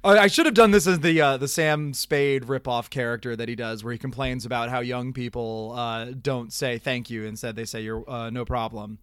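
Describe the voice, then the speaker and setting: A man co-hosting a podcast, chatting casually and riffing animated, profane jokes. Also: mid-range voice, fairly quick, hardly any pauses, clear, resonant tone. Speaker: podcast co-host. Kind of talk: casual chat.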